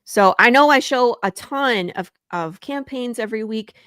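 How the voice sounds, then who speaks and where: A woman hosting a podcast in casual chat, talkative and quick to laugh. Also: a little high, lively intonation, a bit bright, smooth, no echo, studio quality. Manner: chatty, laughs often. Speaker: podcast host.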